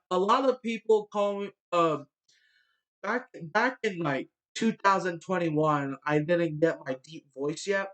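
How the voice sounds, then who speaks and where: A man ranting bluntly into the camera, swearing often and filling pauses with fillers, his nose stuffy from a cold. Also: on the high side, fairly bright tone. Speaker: vlogger. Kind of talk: ranting monologue.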